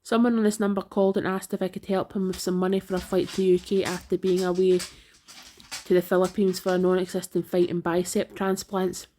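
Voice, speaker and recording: A woman reading out online comments in a flat, even delivery. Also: fairly low pitch, a little fast, slight background noise.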